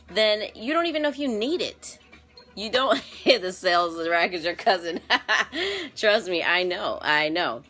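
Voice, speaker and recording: A bubbly woman with a bright, forceful voice hosts a casual live stream as a wardrobe stylist. She laughs often and chats warmly with viewers, calling out their names. Faint music plays behind her. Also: medium pitch.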